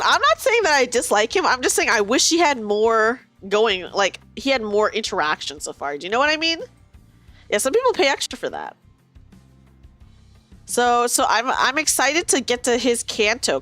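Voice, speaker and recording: A woman's voice: on the high side, big pitch swings, moderate pace, a bit bright, no echo, faint music behind. A young woman streaming a game, chatting casually, giggling and reading the game's lines aloud.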